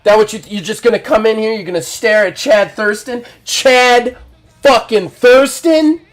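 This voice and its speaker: A man voicing a brash, boastful male pro wrestler champion who talks loudly and taunts. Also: on the high side, very animated, unhurried, full character voice.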